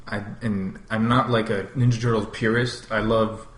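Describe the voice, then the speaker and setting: A man co-hosting a podcast in casual chat, talking haltingly and restarting his sentences. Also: fairly low pitch, little pitch movement. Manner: hesitant, self-interrupting. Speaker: podcast co-host. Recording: echoey room with faint noise.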